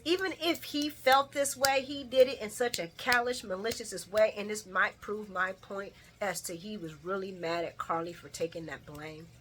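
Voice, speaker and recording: A woman doing a casual soap opera recap vlog, talking to viewers in a heated, animated, profane way. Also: mid-range voice, background noise. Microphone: camera mic.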